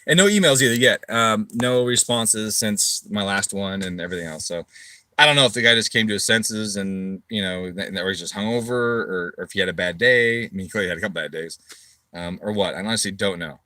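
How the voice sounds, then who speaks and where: Middle-aged male shop owner, casual storyteller; bright, punchy tone, dry close recording, swears freely. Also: on the low side, a little fast, no echo. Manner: animated, swearing, acts out his own quoted replies loudly.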